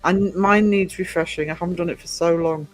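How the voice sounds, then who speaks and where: Brisk and fairly even in intonation, a high-voiced man runs a laid-back livestream with faint music in the background. The small publisher drifts through viewers' comments, often saying um and restarting.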